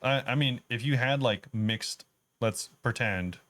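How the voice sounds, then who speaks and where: A man's voice: medium pitch, unhurried, a bit bright, no room sound. A man co-hosting a casual gaming podcast, explaining game updates in an easygoing, detailed way. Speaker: podcast co-host.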